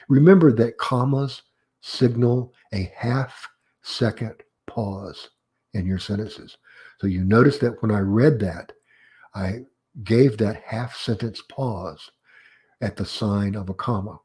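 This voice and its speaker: A middle-aged man teaching a recorded grammar lesson, explaining step by step and reading example sentences aloud with careful pauses. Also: fairly low pitch, dark tone. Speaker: writing teacher.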